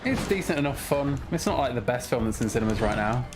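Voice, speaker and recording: A man's voice: mid-range voice, lively intonation, quick pace, music in the background. A man chatting casually with viewers while streaming a game, swearing freely and grumbling at the controls. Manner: swears a lot, chatty and frustrated at games. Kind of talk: casual gaming stream chat.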